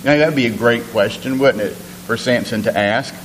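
A man delivering a sermon, reading scripture and then unpacking it in a loose, conversational way full of fillers and restarts. His voice is mid-pitched and carries a long reverb, as though he stands in a large hall. A faint hum sits underneath. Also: moderate pace. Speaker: preacher.

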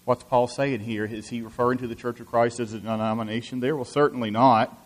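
Male preacher, sermon delivery, earnest and halting, average pitch. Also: fairly even intonation. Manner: earnest, many restarts and "you know" fillers.

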